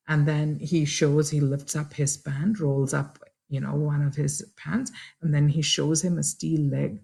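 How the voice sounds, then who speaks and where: A woman's voice: lowish voice, normal speed, vocal fry, warm tone, husky. A woman telling a children's story and its moral, chatty and addressing listeners directly.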